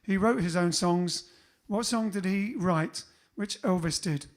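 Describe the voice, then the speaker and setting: A high-voiced man chats breezily between songs as he leads his band's livestream. He bounces from joke to joke, tossing in bits of mock French. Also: unhurried. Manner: chatty, playful, jokes in mock French. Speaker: bandleader and singer hosting a livestream. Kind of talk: casual chat between songs.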